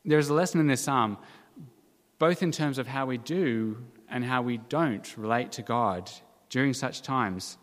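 Guy preaching a sermon, earnest and measured, mid pitch, long reverb behind him. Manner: earnest, measured preaching with dramatic quoted cries. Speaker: pastor.

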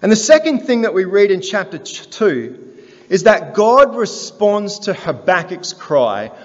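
High-voiced preacher in a reverberant hall. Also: male voice, big pitch swings, unhurried. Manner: earnest, questioning the congregation, rising in force as he goes. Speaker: pastor. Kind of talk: sermon. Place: church hall. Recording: dull, roomy church sound.

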